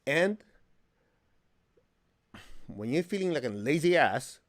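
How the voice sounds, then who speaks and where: Male meditation teacher, animated class talk, humorous and direct. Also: slow. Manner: animated storyteller, acts out quotes with high pitch jumps; plain-spoken, humorous, asks the class questions.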